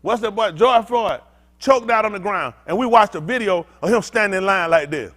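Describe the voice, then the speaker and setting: A man preaching a sermon-style teaching with call-and-response. He talks bluntly, swinging between loud emphatic outbursts and low muttered asides. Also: expressive, normal speed. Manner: blunt, street-talking preacher. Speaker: pastor.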